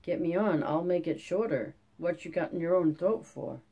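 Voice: medium pitch, moderate pace, slightly rough, muffled recording. A reader voicing a plainspoken young male drifter, blunt and drawling, in an audiobook reading. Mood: plain.

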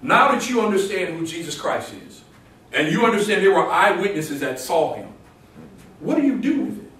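A pastor with a high, sing-song, fairly bright voice preaches a sermon at normal speed in a church sanctuary, quoting scripture and building to emphatic exclamations with call-and-response. The recording is echoey and taken from a distance.

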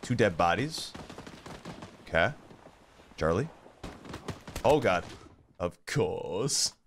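A man commentating his own gameplay, excitable and joking, who swears and swings between yelling and mumbling. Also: low voice, very slow, a little hiss or hum. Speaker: gaming YouTuber. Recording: game gunfire and explosions behind the voice.

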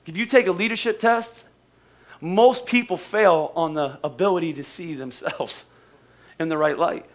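An American pastor preaching a sermon in an animated, joking way, with quick restarts. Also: male voice, fairly high pitch. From United States. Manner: animated, joking, talks fast with frequent restarts.

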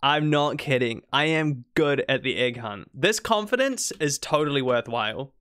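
A man giving excitable live commentary on a game he is streaming, reacting with frequent laughter. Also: medium pitch, normal speed, smooth. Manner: excitable, animated, laughs often.

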